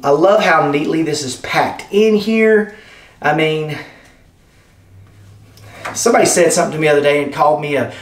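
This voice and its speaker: A man's voice: on the high side, recorded from a distance. A man reviewing a product in a casual unboxing vlog, talking with rambling enthusiasm and speaking to his viewers as "guys". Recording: roomy sound, off-mic.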